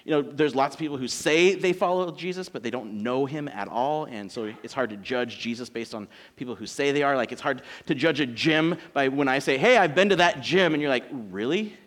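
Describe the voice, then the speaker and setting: A man's voice: medium pitch, fairly quick, hardly any pauses. A male pastor giving a conversational, joking sermon to his church.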